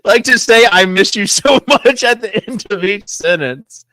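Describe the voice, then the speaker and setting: A man's voice: sits high, animated, unhurried, sharp tone, dry recording. A man who is a guest on a casual chat, talking in a dry, joking way.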